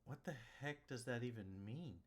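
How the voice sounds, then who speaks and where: A man's voice: medium pitch, normal speed, husky. A man hosting a stream and running a tabletop game as game master, talking in a laid-back way with chuckles and loose restarts.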